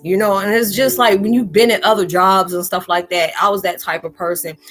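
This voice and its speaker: A woman's voice: mid-range voice, steady tone, fairly quick, a bit bright, faint music behind. A spiritual vlogger talking casually and loosely to her viewers, repeating "you know" as she goes. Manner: chatty, loose, talks straight out with lots of "you know".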